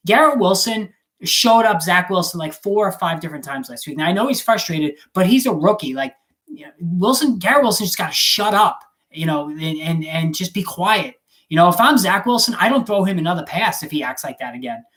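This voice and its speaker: A man's voice: high voice, lively intonation, fairly quick, a bit bright. A man hosting a live fantasy football stream, answering chat questions in a blunt, casual way and swearing now and then. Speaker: fantasy football show host.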